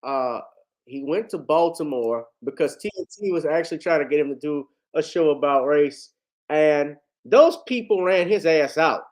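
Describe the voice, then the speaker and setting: Male livestream host, fairly high voice, blunt, indignant, foul-mouthed. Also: normal speed. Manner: indignant and blunt, swears freely. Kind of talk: heated commentary.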